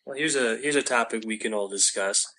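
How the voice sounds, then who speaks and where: A man's voice: medium pitch, brisk, sharp tone. A man in a casual movie chat, laid-back and dryly sarcastic.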